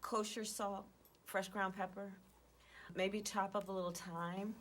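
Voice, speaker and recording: A woman in played clips, speaking in public and telling anecdotes in an animated way, often repeating her phrases. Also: medium pitch, measured pace, a little hiss or hum.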